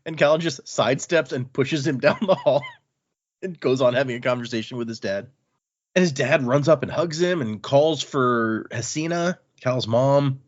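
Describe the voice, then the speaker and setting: A man's voice: mid-range voice, normal speed. A man hosting a casual book discussion podcast, recapping chapters chattily with fillers. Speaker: podcast host. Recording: slightly muffled podcast audio.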